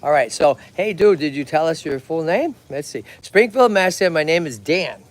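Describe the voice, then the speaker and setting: Energetic male rescue host, Massachusetts accent, fairly high-pitched, chatty outdoor livestream delivery with constant check-ins. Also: moderate pace. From Lowell, Massachusetts. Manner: energetic, chatty, keeps checking in with "okay?" and "right?". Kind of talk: livestream chat. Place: outdoors at a tortoise pond.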